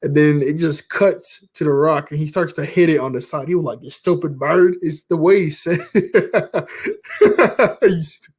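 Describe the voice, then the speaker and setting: At a moderate pace, a young YouTuber with a slightly mellow, higher-leaning voice chats casually about films. The talk is meandering and loose, dotted with fillers and frequent laughter.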